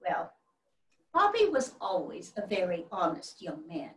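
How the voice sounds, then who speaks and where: A woman's voice: fairly low pitch, huge pitch swings, a little slow, fairly bright tone, exaggerated voice. An actress as a genteel 1800s widow spins family tales in a chatty, exclamatory way, her voice rising and falling freely. She is on a stage, heard from a distant mic in a roomy hall. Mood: fond. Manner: fond, chatty storyteller with exclamations. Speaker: actress portraying a historical first lady. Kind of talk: live one-woman historical reenactment. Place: stage before a live audience.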